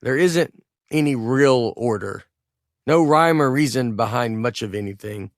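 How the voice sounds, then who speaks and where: A man with a Southern US accent, from Tennessee, narrating his own humorous audiobook in a laid-back, deadpan way. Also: medium pitch, a little slow, dry recording, clean studio sound.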